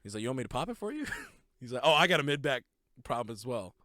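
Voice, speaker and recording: Young male co-host, excitable fan retelling scenes, dry close sound, middle pitch. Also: quick pace, no room sound. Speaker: podcast co-host. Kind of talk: casual movie review chat.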